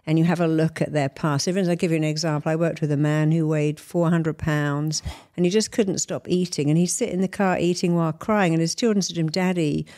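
A woman's voice: sits low, fairly even intonation, fast talker, hardly any pauses, warm tone. A middle-aged woman therapist answering interview questions, explaining her method through examples and analogies. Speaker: therapist and hypnotist guest.

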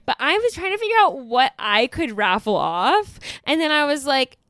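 A woman's voice: high-pitched, big pitch swings, moderate pace, a bit bright, dry recording. A young woman co-hosting a casual podcast chat, trading dry quips and thoughtful asides. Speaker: podcast co-host.

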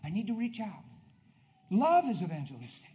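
A man preaching an energetic sermon, swinging from shouted bursts to quiet asides and acting out conversations. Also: high voice, moderate pace.

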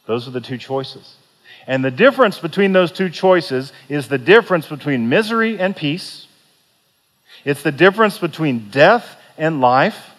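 A pastor preaching a sermon, retelling a parable with earnest rhetorical questions and soft, pleading quoted lines. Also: male voice, fairly high pitch, animated, moderate pace. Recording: long reverb of a large hall.

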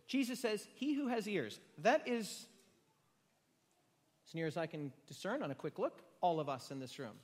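A high-pitched male pastor delivers a sermon to a gathered room, his voice ringing with a long hall reverb. He preaches dramatically, pushing hard on key phrases and then dropping to a hushed near-whisper. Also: big pitch swings, normal speed.

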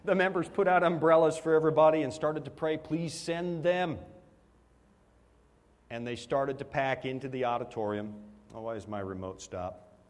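Animated preacher in a reverberant hall. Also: male voice, medium pitch, a little fast. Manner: animated storytelling, laughing at himself. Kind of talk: sermon with storytelling.

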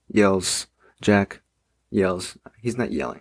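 A young man hosts a podcast, reading through a comic and musing on it in a loose, rambling way full of fillers. His voice sits low. The recording is dry and close. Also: a little slow, no echo. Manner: rambling, with many fillers and crude asides. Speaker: podcast host. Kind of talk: casual reading and commentary of a comic.

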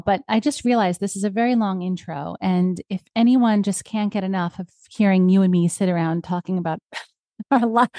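A woman co-hosting a podcast, chatting in a relaxed way and laughing easily. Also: medium pitch, no echo, studio quality. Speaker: podcast co-host. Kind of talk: casual chat.

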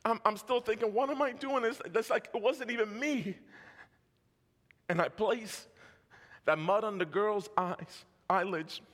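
A male pastor tells a testimony from the pulpit, fervent and full of repetitions and little laughs. His voice is high and bright, and it carries a long hall reverb. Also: measured pace, pauses often. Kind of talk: sermon testimony.

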